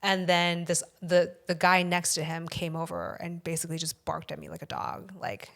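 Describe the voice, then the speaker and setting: Lowish-voiced woman telling a story, profane and rambling. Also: level tone, moderate pace, creaky, hardly any pauses, fairly bright tone. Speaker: podcast guest comedian. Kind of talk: casual storytelling.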